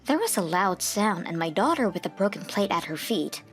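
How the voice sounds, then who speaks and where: A woman's voice: mid-range voice, big pitch swings, normal speed, faint music behind. Earnest woman narrating a manga dub.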